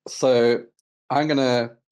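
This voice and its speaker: A man taking part in a tabletop game as a player, making eager, quick asides. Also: medium pitch, steady tone, a little mellow, smooth.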